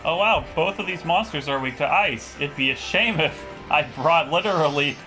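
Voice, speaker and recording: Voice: medium pitch, normal speed, sharp tone, faint music behind, low-quality recording. A gamer chatting casually on voice chat, dropping dry joking asides.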